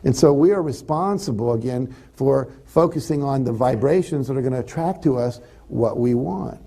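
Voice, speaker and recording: A man's voice: mid-range voice, normal speed, gravelly. A man giving a live motivational seminar, talking to the audience and acting out the thoughts people have. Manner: animated, acts out quoted thoughts. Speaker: motivational speaker.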